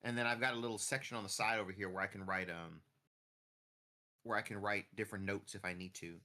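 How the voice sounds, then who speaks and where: A man's voice: on the low side, fairly even intonation, fast talker, pushed and bright. A man chatting casually and rambling off the cuff while streaming a farming game. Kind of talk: casual chat while gaming.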